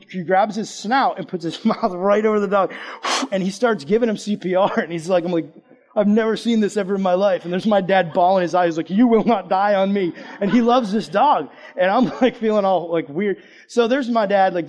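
A man preaching a casual sermon, chatty and conversational, asking the audience questions and telling a personal story. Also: sits high. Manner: lively, swings between loud emphasis and hushed asides.

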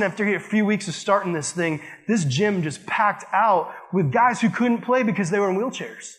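High-voiced man preaching casually. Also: fairly bright tone. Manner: casual, conversational, heavy use of "like". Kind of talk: sermon with storytelling.

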